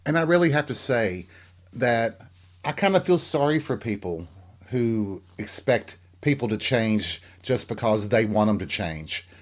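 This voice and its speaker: A man's voice: mid-range voice, expressive, a little slow. A middle-aged man hosting a solo podcast, talking frankly and reflectively in a rambling way and often asking listeners rhetorical questions. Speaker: podcast host. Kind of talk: candid solo podcast monologue.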